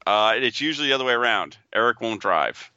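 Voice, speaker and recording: A man co-hosting a casual podcast, his voice sharp and very bright. The recording is dry and somewhat dull, with little room sound. He talks easily and keeps chiming in with quick agreement. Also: mid-range voice, expressive, smooth, no room sound. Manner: agreeable, chimes in with short replies. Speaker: podcast co-host. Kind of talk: casual chat.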